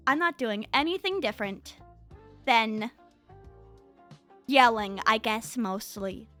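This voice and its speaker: A young woman streaming at home, chatting casually with her chat into a condenser mic, her voice swinging from high and excited to low and quiet. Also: takes it slowly, pauses often, soft background music.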